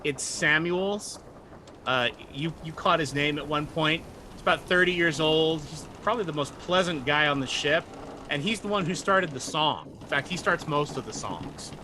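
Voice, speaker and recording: A man's voice: a little high, normal speed, background noise. A man running a tabletop game, narrating the scene and laughing often. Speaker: game master.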